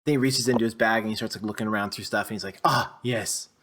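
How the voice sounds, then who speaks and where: A man's voice: lowish voice, fairly even intonation, very fast, fairly bright tone, a little hiss or hum. A man narrating a tabletop game as game master, rambling and restarting often. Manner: rambling, with many fillers and restarts.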